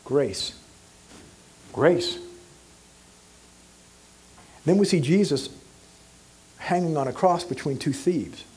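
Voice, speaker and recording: A man's voice: a little high, moderate pace, long pauses, mellow, husky. A male pastor preaching an emphatic sermon who acts out scenes and questions the audience.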